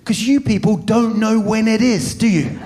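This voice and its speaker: High-voiced New Zealand man doing stand-up. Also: normal speed. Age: 50s. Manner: animated storytelling with shouted impressions. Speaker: stand-up comedian. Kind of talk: stand-up comedy set. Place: large venue with a live audience. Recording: live stage recording with crowd and noise.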